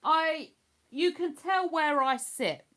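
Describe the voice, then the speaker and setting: An older Hertfordshire woman hosts a casual livestream, her accent sliding between posh and London. Her voice sits a little high, and she chats and rambles, picking up viewer comments as she goes. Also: slow pace, fairly bright tone. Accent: Hertfordshire English, between posh and London. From Hertfordshire, England. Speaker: livestream host.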